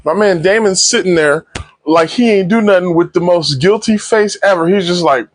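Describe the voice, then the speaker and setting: A man casually recapping and reviewing a TV episode in slangy, animated speech, acting out the characters' lines. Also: sits high, normal speed, no echo. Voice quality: animated slangy retelling with acted-out quotes. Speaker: TV show reviewer.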